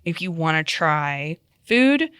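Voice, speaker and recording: A woman hosting a podcast in a studio, chatting casually with animated quick asides. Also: sits low, clean tone, no echo. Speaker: podcast host.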